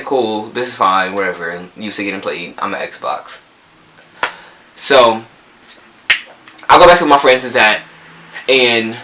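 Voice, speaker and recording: A young vlogger from Newark, New Jersey, with a local accent rambles through a casual storytime full of quoted dialogue. His voice is fairly low and sharp in tone, and the recording quality is poor.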